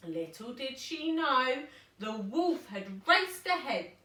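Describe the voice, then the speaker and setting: A woman reading a bedtime story to her children in a playful, animated way, stopping to chat with them. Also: high-pitched, takes it slowly. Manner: animated and playful, chatting with the kids. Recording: echoey room, mic far off.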